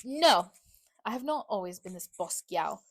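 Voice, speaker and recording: A woman's voice: mid-range voice, lively intonation, moderate pace, dry recording. A young woman co-hosting a casual podcast chat, playful and giggly, rambling as she talks. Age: young adult. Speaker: podcast co-host. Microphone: new podcast microphone.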